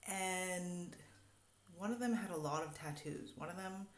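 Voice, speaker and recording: A young woman tells a story in a loose, rambling way, full of fillers. Her voice sits on the low side. The sound is roomy and echoey. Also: measured pace. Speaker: vlogger. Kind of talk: casual storytelling. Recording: echoey room.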